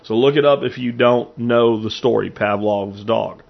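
A man's voice: medium pitch, measured pace, creaky, highs cut off. A man hosting a podcast who talks in a blunt, conversational way with offhand swearing. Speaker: podcast host. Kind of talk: casual podcast talk.

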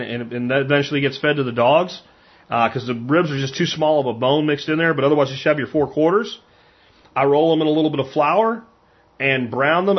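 A man from Pennsylvania who hunts and cooks game, telling stories in a frank, rambling way and often repeating words. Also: on the high side. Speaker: hunter and cook. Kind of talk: casual storytelling. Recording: dull lo-fi sound.

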